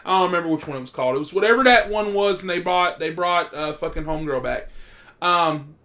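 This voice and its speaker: Pitched a little high and talking at a quick clip, he delivers a loose, foul-mouthed film review, lively and animated, with loud outbursts whenever he gets fired up.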